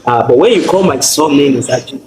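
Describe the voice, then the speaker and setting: A man's voice: medium pitch, expressive, fast, darkish tone. A man with a Nigerian accent sharing his personal story as a guest speaker, earnest and full of restarts. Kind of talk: personal testimony talk. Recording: echoey room, faint noise.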